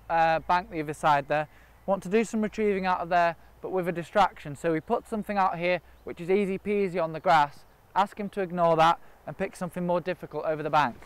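A man's voice: high voice, clean tone, no echo. A man training gundogs outdoors, explaining each step in a practical way. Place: outdoors in a park and by a river.

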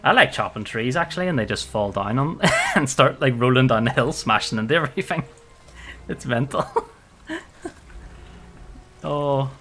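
A man's voice: medium pitch, expressive, normal speed, pauses often, a bit bright, a little hiss or hum. A young man giving casual gameplay commentary, chatting, laughing often and swearing at enemies. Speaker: gaming streamer.

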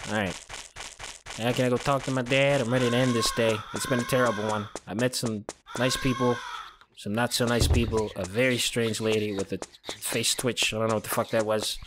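A man's voice: mid-range voice, fairly even intonation, a little fast, noisy background. A man casually commenting while playing a game, sarcastic, profane and rambling. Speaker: streamer. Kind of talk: casual let's-play commentary. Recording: game music behind.

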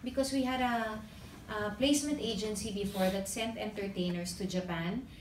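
A Filipina woman tells a personal story with lively, emotional energy, moving between English and Tagalog. Her voice is mid-pitched and sits a little back from the mic, in an echoey room with faint background noise. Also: normal speed, recorded from a distance. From Philippines. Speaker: actress sharing a story. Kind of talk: casual storytelling. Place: press event room.

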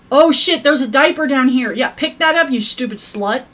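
Bright, foul-mouthed woman narrating gameplay. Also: high-pitched, normal speed. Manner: profane, rambling, chatty. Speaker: gaming channel host. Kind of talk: casual gameplay commentary.

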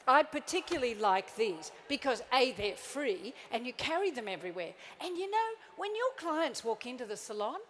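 A middle-aged woman leads a motivational talk for an audience seated at tables. Her voice sits high and swoops wildly up and down as she teases, acts out little scenes and coaxes everyone to join in. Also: normal speed, few pauses, a little hiss or hum. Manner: playful, animated, acts out little quoted scenes; coaxing the crowd into joining in. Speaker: motivational speaker. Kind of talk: live keynote talk to an audience.

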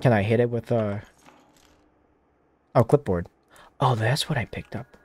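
A streamer plays a horror demo disc and gives casual let's-play commentary, talking to himself and rambling with lots of fillers and restarts. His mid-range voice has a darkish tone and a measured pace, with a little hiss or hum in the audio.

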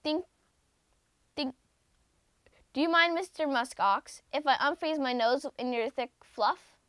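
A woman voicing a cold female arctic fox sweetly asking to warm her nose, in a storybook reading. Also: sits high, a little slow, dry recording, studio quality. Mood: coaxing.

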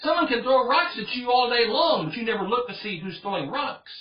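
High-voiced man preaching earnestly. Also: lively intonation, brisk, muffled recording. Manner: earnest, repeats phrases for emphasis. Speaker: pastor. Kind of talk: Bible study sermon.

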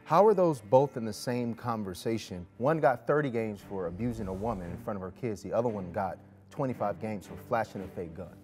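A man with a low voice asks a pointed question in a comic courtroom, with measured, deliberate phrasing. Faint music plays behind him. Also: expressive, darkish tone.

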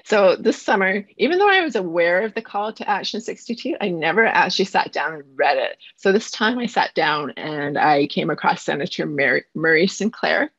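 A woman teacher from Canada presents at an online conference from her home. She talks fast and earnestly, a little nervous, and her voice is husky. The video-call audio is dry and dull. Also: lowish voice, animated, a bit bright, no room sound. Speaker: high school math teacher presenting a project.

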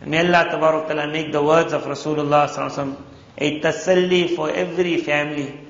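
A man preaches a sermon, his fairly high voice roughened by a gravelly edge. He tells stories and acts out the people in them. The sound is dull and lo-fi, with the long echo of a large hall. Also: fairly even intonation, racing. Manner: storytelling with quoted voices. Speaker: Islamic preacher.

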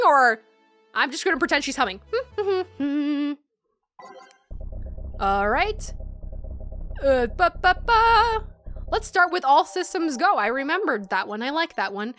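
A woman's voice: high voice, lively intonation, a little slow, fairly bright tone, faint music behind. A woman hosting a let's play, chatting casually and giggling as she hums along to the game.

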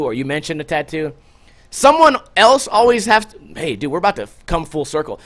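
A man hosting a podcast, telling a story in a loose, profane, animated way and loudly acting out what people said. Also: fairly high pitch. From Las Vegas. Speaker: podcast host. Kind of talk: casual storytelling monologue.

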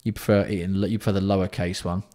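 A man hosting a casual livestream, bantering with chat and swearing freely while keeping his voice fairly hushed. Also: deep voice, flat delivery, fast talker. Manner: banter-filled, sweary, reads out and answers chat. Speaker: livestream host.

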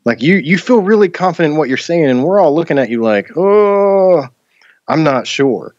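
A man's voice: fairly high pitch, animated, quick pace, darkish tone, no room sound, dull audio. A man hosting a podcast in casual chat, rambling with many fillers and restarts. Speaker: podcast host.

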